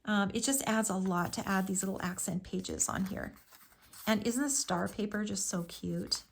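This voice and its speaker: A woman's voice: medium pitch, moderate pace, gravelly, breathy edge. A woman hosting a live craft tutorial, talking through each step in a chatty, enthusiastic way with frequent fillers.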